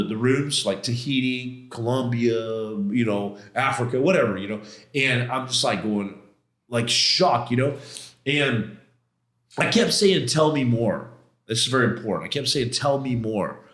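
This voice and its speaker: In an echoey room, a man with a medium-pitched, fairly bright voice tells a personal story as a podcast guest. His style is casual, slangy and emphatic, and he acts out his own past outbursts.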